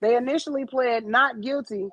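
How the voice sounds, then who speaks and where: Woman podcast co-host, husky, blunt and profane, reads gossip stories aloud. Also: a little high, moderate pace, a bit bright, no room sound, rough recording. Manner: blunt, profane, chatty commentary. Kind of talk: casual chat, reading celebrity news stories aloud.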